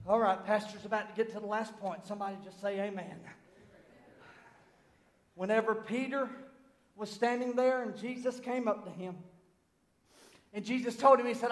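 A man with a Southern US accent, a pastor preaching a fiery, folksy sermon that swings between shouting and confiding. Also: sits high, steady tone, moderate pace, pauses often. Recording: echoey hall.

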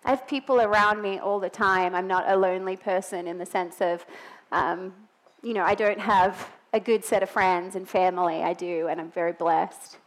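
A woman's voice: medium pitch, steady tone, normal speed, low-quality recording. A woman in her thirties preaching a sermon, telling personal stories earnestly with emphatic peaks. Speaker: pastor's wife preaching.

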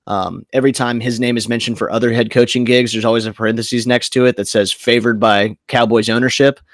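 A man's voice: mid-range voice, fairly even intonation, fast talker, no echo, studio quality. A man hosting a sports podcast in casual chat, laid-back and joking, with frequent fillers. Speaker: podcast host.

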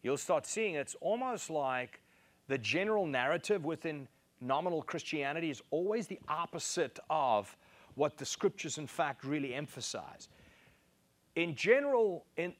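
Male preacher, fairly high voice, emphatic and repetitive in delivery. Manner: emphatic, repeats key phrases, rises in pitch to stress points. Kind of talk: sermon.

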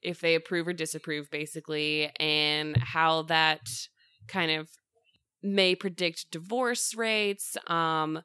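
A woman's voice: low-pitched, fairly even intonation, takes it slowly, bright, forceful tone, clean tone, dry recording, studio quality. A woman hosting a casual chat about a study, talking in a chatty way with many fillers.

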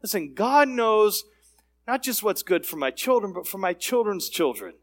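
Middle-aged male pastor with a high voice, preaching with emphatic repeated phrases. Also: big pitch swings, normal speed, a bit bright. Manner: emphatic, repetitive preaching cadence. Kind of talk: sermon.

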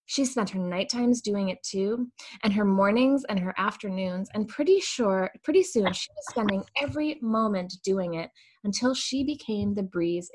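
A woman leading a service, telling a story and then guiding a slow meditation in a gentle, measured voice. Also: mid-range voice. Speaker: worship leader. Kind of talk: storytelling sermon and guided meditation.

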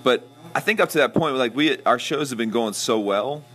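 A man's voice: mid-range voice, normal speed, a bit bright. A middle-aged man hosting a podcast, telling a long backstage story in casual chat and acting out the quoted voices. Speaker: podcast host.

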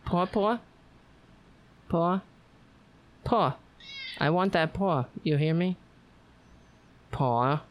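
A woman's voice: on the low side, sing-song, extremely slow, long pauses. A tired woman hosting a casual livestream, chatting in a playful, rambling way. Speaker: livestream host.

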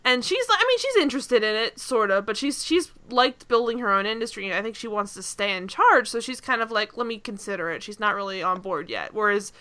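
A woman's voice: on the high side, animated, fairly quick, hardly any pauses, a bit bright. A woman podcast host chatting casually about a TV episode, rambling with lots of fillers and asides. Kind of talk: casual TV recap chat.

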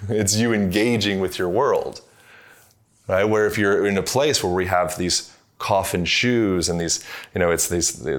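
A man's voice: sits low, a bit bright. A man speaking as a podcast guest, explaining things in a loose, rambling way with lots of fillers. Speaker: podcast guest, movement coach. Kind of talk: conversational interview.

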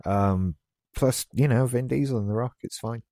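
A British man co-hosts a podcast, chatting casually about a TV episode he's reviewing. His medium-pitched voice is warm and at a normal speed, on a dry, clean studio recording, and he's opinionated and chatty, with frequent asides.

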